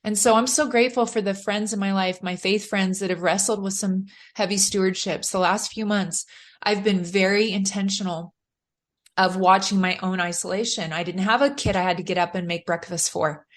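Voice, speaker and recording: A woman's voice: mid-range voice, fairly even intonation, moderate pace. Middle-aged woman on a podcast, earnest pep-talk vibe, talks right to the listener. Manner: earnest and encouraging, speaks directly to listeners. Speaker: guest, motivational speaker and author. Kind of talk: podcast interview, earnest advice.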